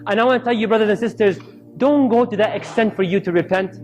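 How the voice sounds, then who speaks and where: A man's voice: high voice, quick pace, soft background music. A man giving a storytelling sermon, acting out the voices of people in his stories. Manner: acts out quoted voices in lively storytelling. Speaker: Islamic speaker.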